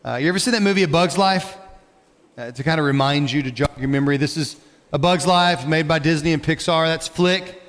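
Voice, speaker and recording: In a church sanctuary, a male pastor preaches a sermon in a slightly high, somewhat bright voice that rings with long hall reverb. He moves briskly, speaking conversationally and throwing questions out to the congregation.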